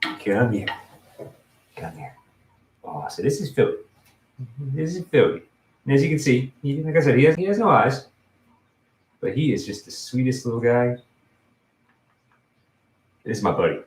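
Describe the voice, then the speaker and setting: A man's voice: medium pitch, very animated, normal speed, long pauses, a little mellow. A man hosting a casual livestream, rambling and restarting as he chats with viewers and his cat. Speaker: livestream host.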